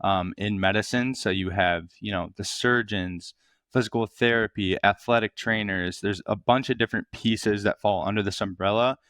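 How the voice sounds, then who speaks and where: A man, a physical therapist, explaining in a relaxed, upbeat way as a podcast guest. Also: lowish voice, moderate pace, clear, resonant tone, no room sound, studio quality. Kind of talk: casual podcast interview.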